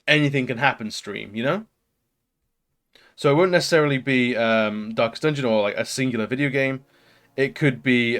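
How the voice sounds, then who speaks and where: A man's voice: mid-range voice, a bit bright. A British man live streaming, chatting casually with viewers and rambling with lots of ums and likes.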